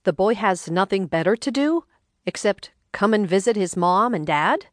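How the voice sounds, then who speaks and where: A woman voicing a wry, sharp-tongued older mother who speaks sarcastically in a raised, exclaiming voice. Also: mid-range voice, animated, normal speed, dry recording, clean studio sound, lightly acted. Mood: curious.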